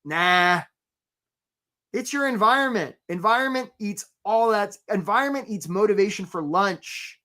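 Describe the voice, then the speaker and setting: A man's voice: high voice, animated, measured pace, sharp tone. A man hosting a live career webinar, talking in an upbeat, conversational way, greeting attendees by name and often asking "right?". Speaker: webinar host and career coach.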